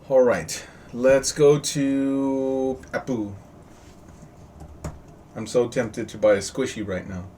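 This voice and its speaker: A man leads a live online class in a chatty, joking way, tossing questions to his students as he goes. His voice sits at an ordinary middle pitch. He sounds set back from the microphone, with a faint hiss of noise underneath. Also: mellow. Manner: chatty, jokey, quizzes the class. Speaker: trading teacher. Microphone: video call. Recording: distant mic with faint noise.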